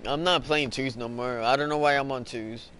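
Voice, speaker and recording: A man's voice: medium pitch, fairly even intonation, moderate pace, a bit bright, a little hiss or hum. Trash-talking young man gaming. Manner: trash-talking, swearing, slangy. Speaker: gamer streaming a basketball game. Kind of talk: casual gaming commentary.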